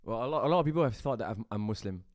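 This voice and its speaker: A man's voice: mid-range voice, expressive, rapid-fire, no room sound, studio quality. A man streaming live as a beatboxer, chatting casually with his viewers, laughing often and repeating words as he rambles. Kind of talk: casual livestream chat answering comments.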